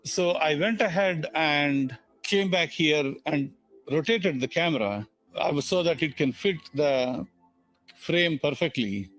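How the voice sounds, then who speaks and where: A man, an amateur astronomer, chatting plainly and a little haltingly about his telescope pictures. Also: fairly high pitch, animated, fairly bright tone, rough recording. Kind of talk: casual observing vlog.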